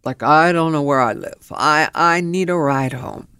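Woman putting on a drunk man, slurred, pleading, low voice, dry close sound. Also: a little slow, fairly bright tone, clean tone, no room sound. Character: drunk, weaving young man begging a ride.

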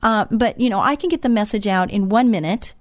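A chatty woman hosts a faith talk radio show, moving fast from one thought to the next and turning aside to her listeners. Her voice sits at an ordinary middle pitch. The studio sound is dry and close. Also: dry recording.

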